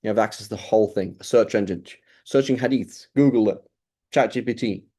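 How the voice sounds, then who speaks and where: A man's voice: on the low side, fairly quick, dark tone, husky. A middle-aged man giving an informal lecture as an Islamic studies teacher, talking casually with many fillers and restarts.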